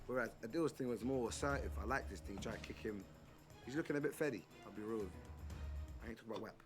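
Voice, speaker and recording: A man's voice: on the low side, quick pace. A man on a party game panel, teasing the other players in slangy banter. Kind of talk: casual banter. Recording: loud music behind the voice. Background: background music.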